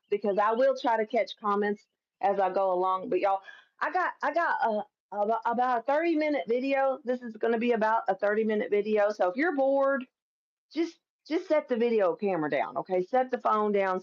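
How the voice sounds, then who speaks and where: Recorded on a phone or camera with lo-fi sound, a Kentucky woman hosts a laid-back political live stream. Her medium-pitched voice is a little mellow, and she's chatty and emphatic, laughing frequently and cursing freely.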